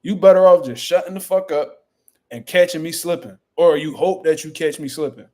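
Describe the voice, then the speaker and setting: Brash, profane man, slightly high voice. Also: darkish tone. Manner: profane, boastful, rambling storytelling. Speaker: boxing channel host. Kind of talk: casual livestream chat.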